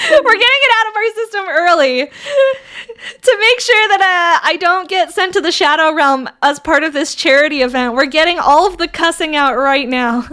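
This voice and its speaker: A woman's voice: high voice, bright, forceful tone. A woman streamer chatting casually with her viewers, crude and giggly, bantering with chat. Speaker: VTuber streamer.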